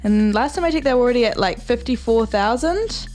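A woman's voice: a little high, lively intonation, fairly quick, a little mellow, faint music behind. A woman with a New Zealand accent co-hosting a breakfast radio show, chatting casually and upbeat, weaving te reo Māori greetings into her English.

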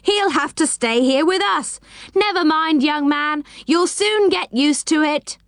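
A woman voicing a teasing crowd of upside-down folk in a storybook, high and gleeful. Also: measured pace, fairly bright tone, dry recording, clean studio sound.

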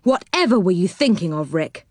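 A woman's voice: on the low side, big pitch swings, moderate pace, darkish tone, no room sound, clean studio sound. A woman voicing a sensible boy in a storybook, stern and reproving.

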